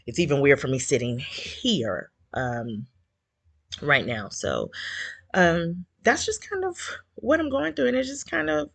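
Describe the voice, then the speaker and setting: Hosting a community group's casual chat, a woman speaks frankly and with feeling, slightly teary and full of fillers. Her voice is on the low side, creaky, animated, and a little slow, with no room sound.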